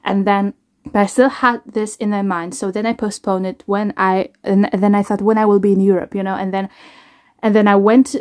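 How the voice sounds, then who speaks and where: A woman, a singer, talking casually to camera in a reaction vlog, halting, restarting and trailing off as she reflects. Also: medium pitch, little pitch movement, darkish tone.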